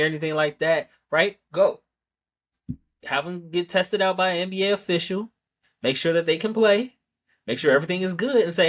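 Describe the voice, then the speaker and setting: A man's voice: sits high, expressive, normal speed, fairly bright tone. A man hosting a sports podcast, giving a casual, rambling opinion monologue full of self-corrections and rhetorical "right?" asides. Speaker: podcast host.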